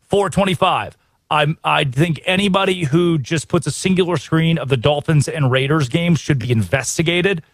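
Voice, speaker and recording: Upbeat American sports radio host. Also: male voice, a little high, moderate pace, dry recording. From United States. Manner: energetic, opinionated, rhetorical questions. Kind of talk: sports talk show.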